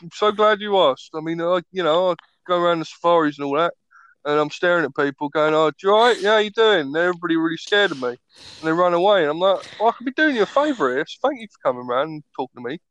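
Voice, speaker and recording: A man's voice: on the high side, lively intonation, quick pace, fairly bright tone, lo-fi sound. A man voicing a chatty, friendly male lion, in a casual way of talking. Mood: chummy. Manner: matey, casual.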